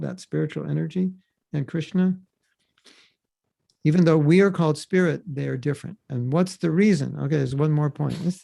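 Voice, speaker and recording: Creaky-voiced man teaching casually. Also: a little high, no echo. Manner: animated, acts out quoted voices. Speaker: podcast host teaching scripture.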